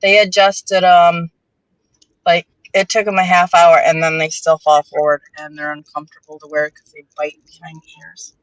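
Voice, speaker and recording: A woman's voice: fairly low pitch, level tone, normal speed, dry recording, rough recording. An easygoing, wry woman, chatting as a guest. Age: 40s. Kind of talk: casual live-stream chat.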